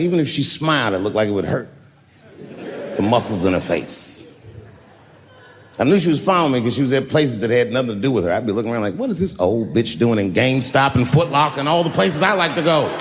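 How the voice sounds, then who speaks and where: A man doing stand-up storytelling, conversational and animated, swinging between low asides and loud punchlines. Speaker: stand-up comedian. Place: live theater on stage. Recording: long hall reverb, faint noise.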